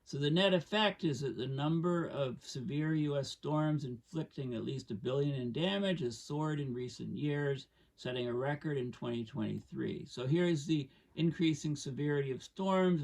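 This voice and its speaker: Guy with a gravelly voice talking through charts, lots of um and you know, sits back from the mic. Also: medium pitch, recorded from a distance. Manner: thinking aloud, frequent fillers, animated emphasis. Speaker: climate science commentator. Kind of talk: casual explainer talking over charts.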